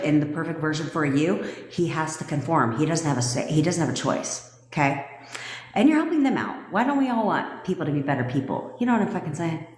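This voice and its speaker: A woman's voice: mid-range voice, fairly bright tone. A woman coaching viewers during a live stream, blunt, bossy and full of swearing, loose and joking as she talks. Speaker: manifestation coach. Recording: echoey room with long reverb.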